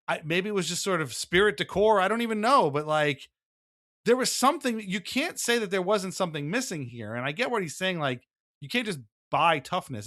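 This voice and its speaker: A man co-hosting a casual sports podcast, talking in an animated way with quick asides and frequent laughs. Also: a little high. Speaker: podcast co-host.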